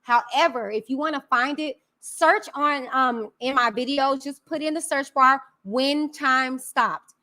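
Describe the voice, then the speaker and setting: A woman hosting a live stream on a video call, chatty and warm with her viewers. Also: high voice, measured pace. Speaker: host.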